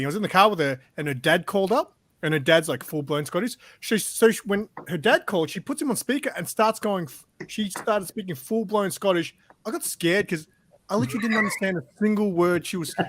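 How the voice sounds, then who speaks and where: A man co-hosting a podcast in casual chat, telling stories and quoting himself in an animated way. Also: high-pitched, a little hiss or hum. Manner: animated storyteller who quotes himself. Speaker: podcast co-host.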